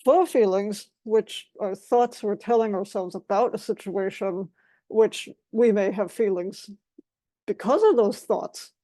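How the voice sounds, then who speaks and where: A woman's voice: mid-range voice, a little slow, dark tone, no echo. A woman giving an explanatory talk as a guest speaker, defining terms one by one in a methodical way.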